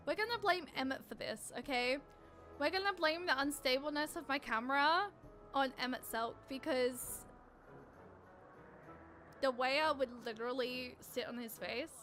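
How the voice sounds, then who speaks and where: A woman's voice: sits high, animated, normal speed, pushed and bright, soft background music. A young woman streaming a game, chatting casually with giggly, rambling asides about pronunciations and her setup. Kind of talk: casual gameplay commentary.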